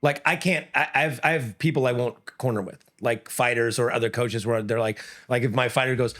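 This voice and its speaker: A middle-aged man in casual podcast talk, voice set at an ordinary middle pitch. He tells stories with lots of restarts, then jumps up into high, shouted quotes. It sounds like a coach talking shop. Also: brisk, few pauses. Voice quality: often breaks off and restarts sentences. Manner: animated storyteller, acts out quotes in high loud bursts. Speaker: MMA coach and comedian.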